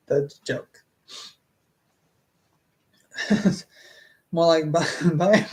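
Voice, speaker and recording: Brief: male streamer reading a book aloud, fairly high voice, unhurried, trips over words, laughs at his own asides. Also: a little mellow. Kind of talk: reading a novel aloud live, with chatty asides.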